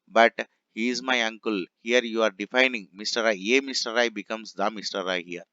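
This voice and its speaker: A man's voice: fairly low pitch, fairly even intonation, a little fast, pushed and bright, no echo. A man teaching a grammar class, explaining patiently and saying each example sentence twice. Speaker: English teacher. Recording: dull, muffled lo-fi recording.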